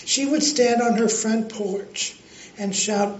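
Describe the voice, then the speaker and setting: Earnest, slow-paced preacher in an echoey room. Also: medium pitch. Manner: earnest, exhorting. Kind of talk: devotional talk. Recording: roomy, dull recording, faint noise.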